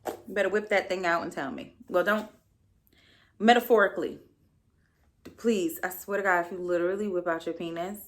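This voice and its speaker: A woman's voice: mid-range voice, normal speed, long pauses. A young adult woman hosting her own podcast, giving a casual solo recap in a sassy, blunt and profane way with playful asides. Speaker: podcast host.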